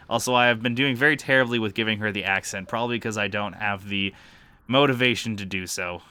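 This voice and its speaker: A man's voice: on the low side, normal speed, pushed and bright, clean tone, dry recording. A man casually commenting while playing games on a stream, joking and self-deprecating. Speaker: game streamer. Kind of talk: casual let's-play commentary.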